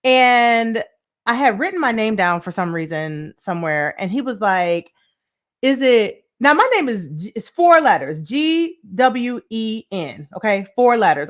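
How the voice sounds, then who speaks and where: A woman's voice: mid-range voice, sing-song, normal speed. A woman hosting a live money show, chatting with viewers and greeting them by name, with plenty of laughter. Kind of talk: live-stream chat with viewers.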